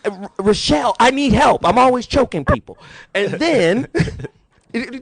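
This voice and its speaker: Animated, laughing male radio host. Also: very high voice, normal speed, vocal fry, no room sound. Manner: animated storyteller, laughs often. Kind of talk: casual radio talk.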